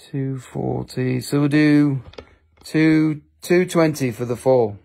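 A man's voice: medium pitch, takes it slowly, gravelly, dark tone. A man hosting a live selling stream, bantering and joking with viewers.

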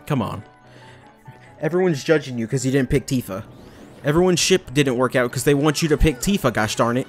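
Brief: young male let's-player, mid-pitched, rambling jokey chatter, faint game music under. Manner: rambling, jokey, swears, bursts into loud taunts. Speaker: gameplay commentator. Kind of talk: casual let's play commentary.

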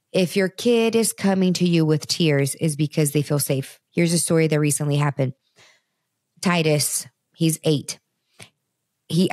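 Lady in her 30s doing a parenting show, lowish voice, warm earnest chat, dry close mic. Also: dry recording. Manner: earnest, conversational, addresses listeners directly. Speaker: podcast host. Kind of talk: parenting advice talk.

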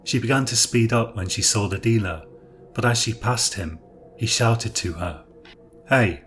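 A man narrating a dark thriller story in a measured, even reading voice. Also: lowish voice, soft background music.

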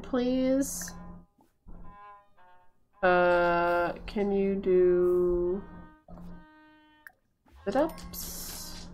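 A woman's voice: mid-range voice, lively intonation, slow pace, long pauses, faint music behind. Giggly woman chatting over a game. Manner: chatty, giggly, talks to her pets and game characters. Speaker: gaming video creator. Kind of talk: casual let's-play commentary. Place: at home.

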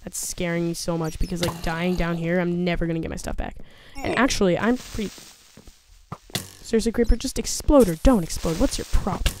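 A woman's voice: lowish voice, fairly even intonation, a little fast, darkish tone, a little hiss or hum. A woman commentating her own gameplay, talking nervously to herself and to the monsters on screen. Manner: jumpy, nervous, chattering to herself and the game. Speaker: gaming video host. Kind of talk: let's play commentary.

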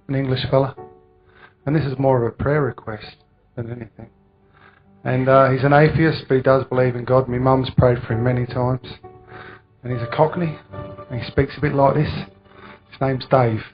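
A man's voice: medium pitch, fairly even intonation, normal speed, pauses often. A man in church sharing a prayer request, then declaring a prayer with rising fervour. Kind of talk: testimony and prayer. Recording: muffled church recording, faint music.

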